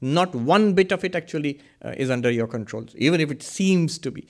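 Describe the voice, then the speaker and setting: A man giving a spiritual discourse, earnest and lively, asking questions and answering them himself. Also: a little high, brisk. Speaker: Vedanta teacher.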